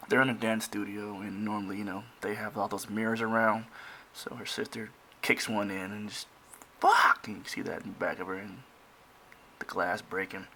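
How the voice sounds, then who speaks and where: A man's voice: on the low side, pushed and bright, slight background noise. A man casually walking through pages of his own comic, rambling with many restarts and fillers. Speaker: comic creator.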